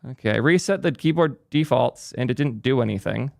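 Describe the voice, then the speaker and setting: A man's voice: mid-range voice, lively intonation, a little fast, creaky, a little mellow, no echo, studio quality. A man ranting in frustration at his live chat about a broken setup, swearing as he talks while he fixes it. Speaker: tech streamer.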